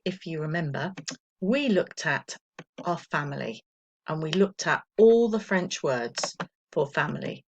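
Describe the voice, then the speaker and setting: A woman teaching a recorded French lesson to primary school children, patient and encouraging, counting slowly for pupils to repeat. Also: deep voice, gravelly.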